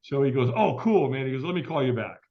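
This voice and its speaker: A man's voice: mid-range voice, lively intonation, fast. A middle-aged man telling a long story as an interview guest, acting out the voices of the people in it. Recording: dull lo-fi audio.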